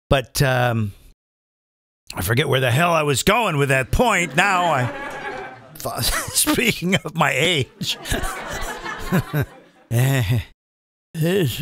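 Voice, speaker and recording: A middle-aged man hosting his own show as a comedian and impressionist, talking in a chatty, self-mocking ramble full of quick asides. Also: a little high, fairly bright tone, no echo, clean studio sound. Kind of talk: casual rambling monologue.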